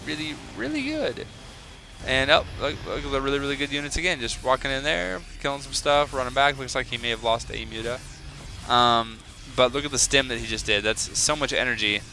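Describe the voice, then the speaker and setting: An excitable young man talks his way through a strategy game match in a loose, rambling commentary full of ums and asides. His voice is bright and forward, with a faint hiss of noise under it. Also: mid-range voice. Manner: chatty, excitable, rambling with many fillers. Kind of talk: casual solo video game commentary.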